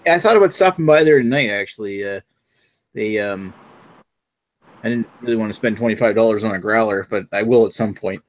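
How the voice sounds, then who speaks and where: A man's voice: fairly low pitch, brisk. Laid-back swearing beer-chat man. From New Brunswick, Canada. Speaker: beer podcast host. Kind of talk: casual chat, reading beer news.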